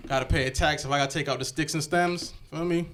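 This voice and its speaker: A man's voice: a little high, fairly even intonation, quick pace, crowd noise. A young man from Connecticut performing a stand-up comedy set, talking loosely and conversationally. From Connecticut, USA. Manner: loose, conversational, slips into character voices for quoted people.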